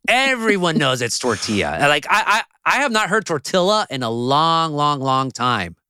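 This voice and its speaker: A man guesting on a podcast as a food journalist, talking in an animated, profane, teasing way. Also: fairly high pitch, normal speed, clear, resonant tone, dry recording, clean studio sound. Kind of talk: casual chat.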